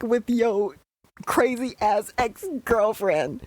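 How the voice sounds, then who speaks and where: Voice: mid-range voice, measured pace, a little mellow, no room sound. Profane, ranting young podcast host. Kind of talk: casual show commentary.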